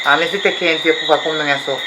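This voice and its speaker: A man with a Jamaican accent playing a strict, loud mother who scolds hard in patois. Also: fairly high pitch, steady tone, rapid-fire, lightly acted. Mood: stern. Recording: noisy outdoor night recording, loud crickets.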